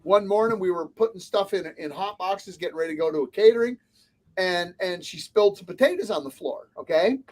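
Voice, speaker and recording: A man's voice: high-pitched, a little fast, a little mellow. A man, a restaurant consultant, giving blunt, emphatic advice as a guest in a casual interview. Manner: blunt, emphatic, lists points.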